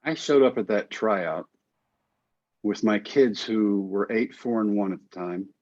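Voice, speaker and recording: A man's voice: on the low side, measured pace, darkish tone. A man being interviewed who tells his story with wry, self-mocking humor and acts out the dialogue. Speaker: guest. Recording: slightly dull, lo-fi audio.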